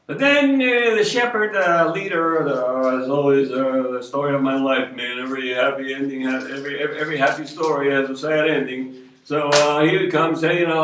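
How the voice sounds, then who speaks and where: An older man, a street pastor, rambles through a personal story in loose hippie slang. His voice sits at an ordinary pitch and sounds roomy and slightly distant from the mic, as if recorded across an echoey room. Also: normal speed, fairly bright tone. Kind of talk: casual storytelling monologue.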